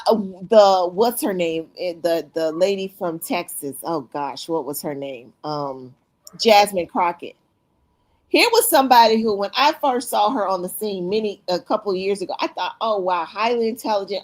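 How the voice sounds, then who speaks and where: Animated woman chatting on a live stream. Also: medium pitch. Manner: acts out her own reactions in quoted asides. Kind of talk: animated casual chat.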